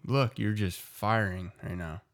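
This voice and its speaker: A man's voice: on the low side, measured pace. A young man co-hosting a podcast, rambling playfully in casual banter. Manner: rambling, playful, goofy tangents. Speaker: podcast co-host.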